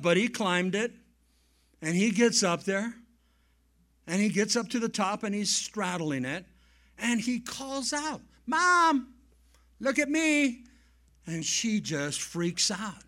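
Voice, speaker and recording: A male pastor preaching a sermon and telling stories, swinging from soft asides to loud emphasis. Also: high-pitched. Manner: animated storyteller, swings between soft and loud. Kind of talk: sermon with storytelling.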